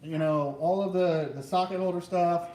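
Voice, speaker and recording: A man's voice: high voice, steady tone, normal speed, dark tone. A man hosting a casual chat, joking and goofy in his banter. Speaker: host. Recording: echoey room, mic far off, faint noise.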